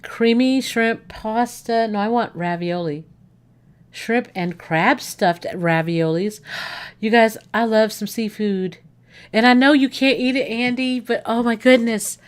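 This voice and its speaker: A woman hosting a casual livestream, chatting excitedly. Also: fairly high pitch, unhurried, smooth. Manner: excitable, gushing, talks to viewers. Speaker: livestream host.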